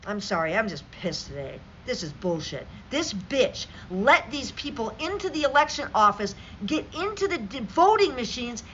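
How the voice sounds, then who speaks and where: A woman's voice: a little high, pushed and bright, a little hiss or hum. A woman vlogger reading news stories aloud and ranting about them in an angry, sarcastic, profane way, on dull lo-fi audio. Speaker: political commentary vlogger.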